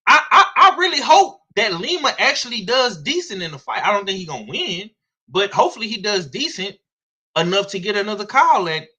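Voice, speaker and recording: Animated Southern man talking boxing. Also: sits high. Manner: animated, blunt, slangy, profane. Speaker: boxing commentator. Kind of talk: casual sports commentary.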